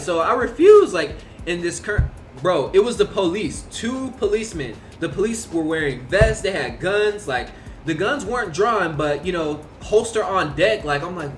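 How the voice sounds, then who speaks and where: A man's voice: sits high, fairly bright tone. A young man casually telling a long personal story, rambling with lots of fillers and swearing. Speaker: vlogger.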